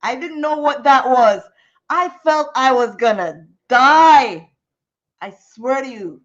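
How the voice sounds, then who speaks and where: Woman host, high voice, unhurried, animated storyteller on a dull lo-fi stream. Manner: animated and expressive, with sound effects. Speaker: livestream host. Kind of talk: casual storytelling to a live chat.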